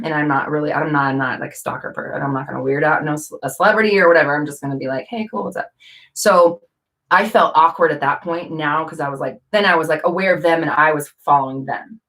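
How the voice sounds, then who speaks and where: A woman's voice: low voice, fast talker, fairly bright tone. A woman vlogger talking casually to camera, rambling with fillers and self-corrections.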